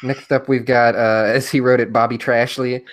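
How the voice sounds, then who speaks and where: A man hosting a relaxed podcast, calmly working through one item after another. He has an ordinary mid-pitched voice and speaks in a plain conversational way. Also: normal speed. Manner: steady, walks through a list. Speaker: podcast host. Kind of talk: casual chat.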